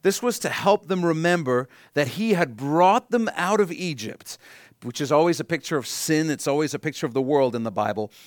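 Pastor guy preaching, gets loud then drops real quiet, dry close mic. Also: fairly high pitch, moderate pace, dry recording. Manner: animated, swings from loud emphasis to hushed pleading. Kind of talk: sermon.

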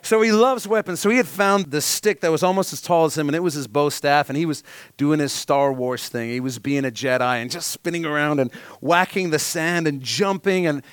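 A man's voice: fairly high pitch, smooth, no echo. Earnest man preaching in a dry room. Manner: earnest, heartfelt storytelling with sudden soft drops. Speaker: pastor. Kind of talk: sermon.

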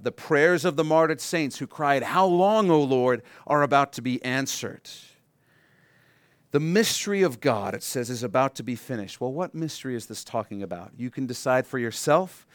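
A man preaching a sermon, animated and acting out the voices he quotes. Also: a little high, no room sound. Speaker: pastor. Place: church sanctuary.

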